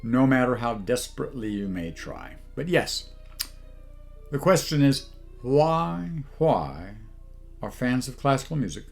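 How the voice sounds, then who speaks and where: A man's voice: medium pitch, sing-song, a little slow, vocal fry, faint music behind. A man hosting a comedy channel, talking down to his viewers in a haughty, put-on posh voice as a mock-pompous monologue.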